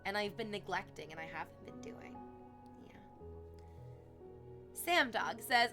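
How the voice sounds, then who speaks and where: A woman livestreamer talks casually to her chat, her thoughts rambling from one to the next. She gushes and sometimes slips into cooing baby talk. Music plays clearly in the background. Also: mid-range voice, lively intonation, unhurried, pauses often, sharp tone.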